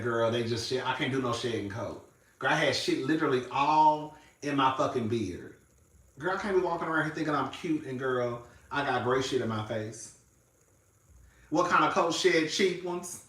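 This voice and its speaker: A man chatting casually to camera as a reality TV reviewer. He calls everyone "girl", swears freely and swings between loud and hushed. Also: mid-range voice, recorded from a distance. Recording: echoey room, voice off-mic.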